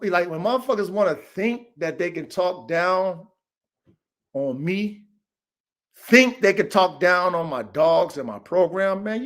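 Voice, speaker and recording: Here the voice sits high and sounds fairly bright. He's a podcast host who also breeds dogs, ranting casually on a livestream with plenty of swearing, growing heated and repeating points, all through a live stream mic.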